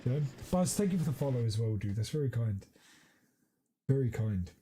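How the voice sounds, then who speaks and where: A man streaming a game, chatting casually and teasing his viewers, quick to exclaim. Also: medium pitch, a little hiss or hum. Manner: excitable, teasing, exclaims often. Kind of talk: casual live-stream chat.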